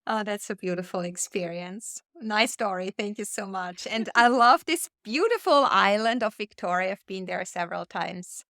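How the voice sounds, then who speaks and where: A woman hosting a podcast interview, speaking in a slow, reflective way and laughing often. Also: medium pitch, lively intonation, bright, forceful tone, no room sound, studio quality. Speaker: podcast host. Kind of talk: conversational interview.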